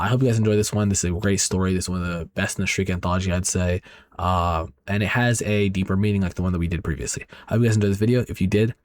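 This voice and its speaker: A man's voice: fairly low pitch, dry recording. A man narrating a horror comic recap in a chatty way, talking straight to viewers with many fillers.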